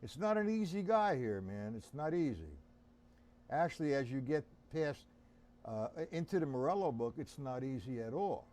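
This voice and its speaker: A man's voice: medium pitch, sing-song, moderate pace, darkish tone. A man teaching a casual drum lesson on a live stream, talking bluntly and calling viewers by name.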